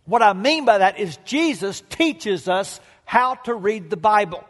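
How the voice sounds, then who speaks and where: Emphatic high-voiced male preacher in a hall. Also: animated. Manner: emphatic, dramatic pauses, storytelling. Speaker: pastor. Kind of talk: sermon.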